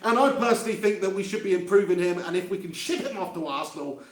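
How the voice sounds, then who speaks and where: A man's voice: high voice, fast. A man hosting a live fan reaction stream, chatting casually, laughing often and reading out viewer comments. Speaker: fan channel host. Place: empty room. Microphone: handheld mic close to face. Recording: echoey empty room.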